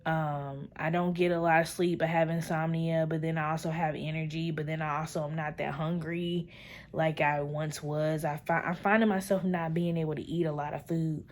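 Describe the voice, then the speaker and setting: A young woman vlogger talking casually and earnestly to her viewers, calling them y'all and sometimes dropping into soft whispered asides. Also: sits low, level tone, normal speed. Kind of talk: casual chat to camera.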